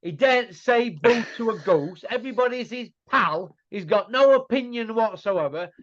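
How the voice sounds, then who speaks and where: A man's voice: extremely high pitch, animated, normal speed, a bit bright. A middle-aged man, hosting a casual boxing chat, blunt and mocking, full of rhetorical tag questions. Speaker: boxing pundit host. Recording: muffled lo-fi audio.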